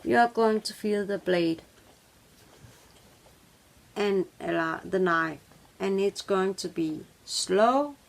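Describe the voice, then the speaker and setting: A woman's voice: medium pitch, creaky, rough recording. A woman quoting a menacing knife-wielding man. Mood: cruel. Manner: cold, threatening, slow.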